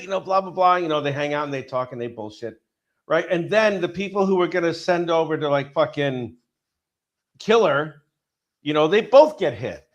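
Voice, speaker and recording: A man's voice: fairly high pitch, animated, a little fast. A man in casual podcast chat, rambling and swearing as he retells a story and acts out the quotes. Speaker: podcast co-host.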